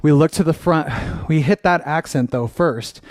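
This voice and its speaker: A man's voice: fairly high pitch, normal speed, no echo, studio quality. A young man teaching a dance class, upbeat and encouraging, counting the steps aloud.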